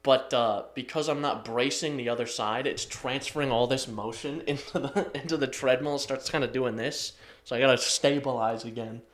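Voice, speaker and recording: A man's voice: mid-range voice, moderate pace, a bit bright. Easygoing man, casual podcast chat. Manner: easygoing, self-deprecating, laughs often. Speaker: podcast co-host.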